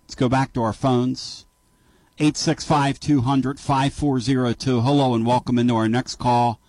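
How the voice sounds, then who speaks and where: A man hosting a sports call-in radio show, talking emphatically and trading quick remarks with callers. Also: medium pitch, dry recording. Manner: animated and emphatic, quick back-and-forth with callers. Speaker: sports talk radio host.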